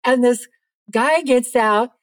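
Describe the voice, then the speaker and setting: A middle-aged woman speaking as a podcast guest, giving an earnest, lively faith testimony. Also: a little high, slow, no echo.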